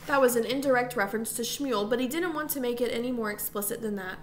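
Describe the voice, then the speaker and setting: Brief woman narrator, storybook reading, fairly high voice, faint background hiss. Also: quick pace. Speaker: audiobook reader.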